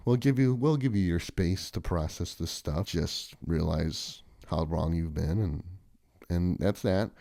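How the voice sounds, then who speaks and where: A man's voice: a little slow, vocal fry, warm tone, dry recording, clean studio sound. A man vlogging in a casual, rambling monologue, chatty and sarcastic. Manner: chatty, sarcastic, mocks others in shrill impressions.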